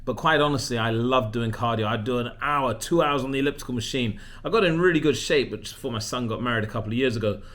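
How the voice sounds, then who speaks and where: A man in his forties chats at a middle pitch about himself, rambling and cheerfully poking fun at himself. He keeps restarting his sentences as he goes, in an easy personal vlog tone. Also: quick pace, hardly any pauses, a bit bright. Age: 40s. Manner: chatty, self-deprecating, rambling with restarts. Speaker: leadership coach.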